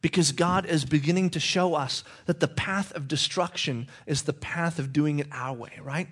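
A man's voice: fairly high pitch, normal speed, husky. A male preacher giving a conversational sermon, often checking in with his listeners with "okay?".

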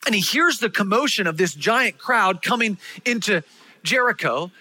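A man preaches a sermon with a high, bright, ringing voice. He tells stories with energy and acts out the voices of the people in them. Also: normal speed. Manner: animated storytelling, acting out voices of people in the stories. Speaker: pastor.

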